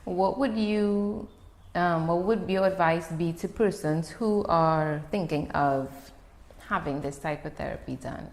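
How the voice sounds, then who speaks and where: A woman's voice: lowish voice, unhurried, a little mellow, reverberant. A woman hosting an interview, asking curious and careful questions. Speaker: host. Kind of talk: casual interview.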